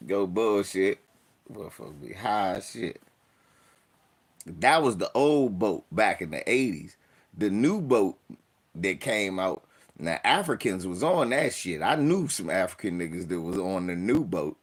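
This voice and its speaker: A man in his forties spins profane stories at an unhurried pace. His pitch leaps and dips as he acts out the people in them, and he breaks into laughter often. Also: breathy edge. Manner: profane, laughs often, animated story voices. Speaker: podcast host telling stories. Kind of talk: casual storytelling chat.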